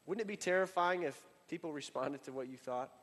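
A man preaching a sermon in a casual, conversational way, full of fillers and restarts, building up and then dropping to a quiet emphasis. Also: fairly high pitch, a little fast, in a large hall. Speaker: pastor.

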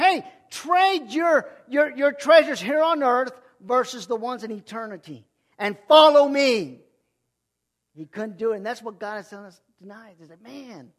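Preacher guy w a really high voice, fired up, goes loud then quiet, repeats himself a lot. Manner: impassioned, swings from loud to hushed, repeats phrases. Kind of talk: sermon.

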